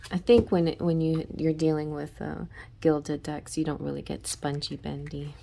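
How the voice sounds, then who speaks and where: Low-voiced woman doing a deck flip-through, half-whispers the card texts, chatty and giggly in between, bit of faint hiss. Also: flat delivery, normal speed, creaky. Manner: reads card texts in a soft half-whisper, then chats with laughs. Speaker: tarot channel host.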